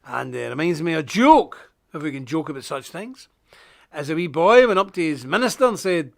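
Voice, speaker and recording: A man hosting a live stream, preaching casually in a jokey, animated way, with loud emphasis and quiet asides. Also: fairly high pitch, fairly quick, vocal fry.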